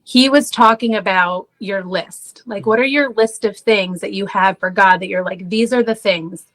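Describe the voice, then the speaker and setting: A woman's voice: mid-range voice, moderate pace, fairly bright tone, rough recording. A woman in her thirties, a podcast guest, telling a story in casual conversation, saying "like" often and laughing at herself.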